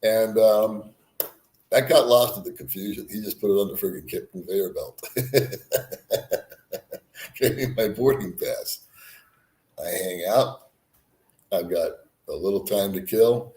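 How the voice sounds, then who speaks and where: Deep-voiced older man telling a rambling story. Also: takes it slowly, pauses often, a little mellow, roomy sound. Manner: rambling, laughs at his own story, swears freely. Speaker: vlogger. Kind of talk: casual storytelling.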